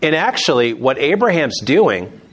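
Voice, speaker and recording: A man's voice: a little high, very animated, measured pace, a bit bright, breathy edge. A man leading a conversational Bible teaching, chatty, with joking asides and restarts.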